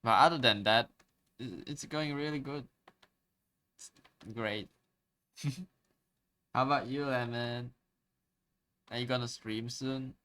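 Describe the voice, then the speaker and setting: Man, live streamer, casual chat while drawing, slow pace, relaxed, chuckling, repeats words when starting. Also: medium pitch.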